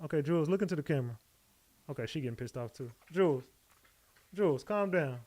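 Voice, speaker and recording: Man, livestream host, fairly high voice, loose chatty delivery, repeats shout-outs. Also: expressive, fast, no room sound. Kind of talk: casual livestream chat.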